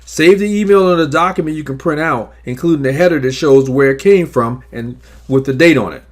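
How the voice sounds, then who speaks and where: A man narrating scripted instructions on negotiating debts, in a measured, emphatic coaching manner. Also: a little high. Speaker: credit repair advisor.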